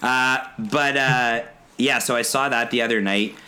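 A man on a casual podcast chat, telling a story as an animated, swearing rant. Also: mid-range voice, a little slow. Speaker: podcast co-host.

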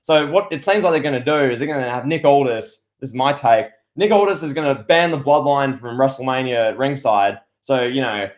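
A man co-hosting a casual wrestling podcast, talking in a rambling, excitable way with lots of restarts. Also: medium pitch, brisk, few pauses. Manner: rambling, excitable, full of restarts and playful impressions. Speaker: podcast co-host.

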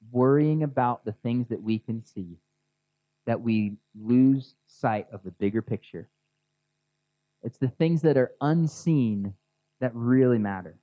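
A man's voice: mid-range voice, no echo. Casual, dull-sounding male preacher. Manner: casual and conversational, guiding listeners through imagining. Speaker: pastor. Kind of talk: sermon. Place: outdoors near a grassy area with children.

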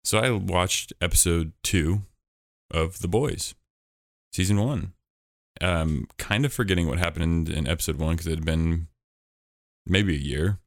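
A man's voice: low voice, unhurried, dry recording, studio quality. A man hosting a podcast, chatting casually in a rambling, jokey way with lots of fillers. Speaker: podcast host.

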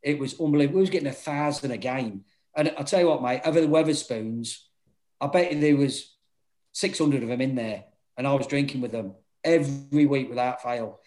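Speaking briskly at a medium pitch, a former football manager trades stories in an easygoing chat, swearing, staying animated, and performing the quotes. The audio quality is poor.

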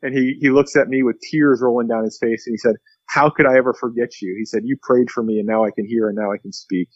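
A man's voice: medium pitch, fairly even intonation, fast, no echo. Man, pastor, earnest storyteller, acts out quotes, dry close sound, slightly dull audio. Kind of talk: podcast interview storytelling.

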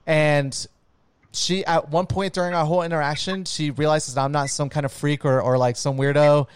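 A man's voice: a little high, steady tone, normal speed, clean tone, no room sound. A man telling a long story in casual chat, rambling with lots of "like" and "dude" and casual swearing.

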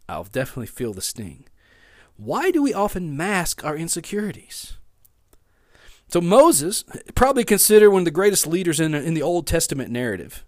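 A male pastor with a slightly high voice gives a sermon. His pitch swings widely as he moves between reading scripture and chatting with his listeners. The sound is close and dry, with no room echo. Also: normal speed. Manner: conversational and animated, reads the scripture with expression.

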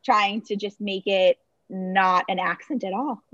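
A woman's voice: medium pitch, a little slow, a bit bright, no room sound, muffled recording. A woman in her late twenties from the Boston area, speaking in a neutral voice as an articulate, upbeat podcast guest. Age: late 20s. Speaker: podcast guest, marketing director. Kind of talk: casual interview chat. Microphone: remote call.

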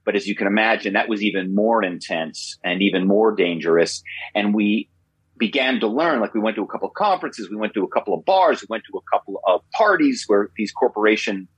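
A man in his fifties, a guest in an interview, telling stories in an animated way, often repeating himself and adding tag questions. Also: lowish voice, fairly quick, breathy edge, dry recording, rough recording. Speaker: guest, former corporate spy. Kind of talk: interview storytelling.

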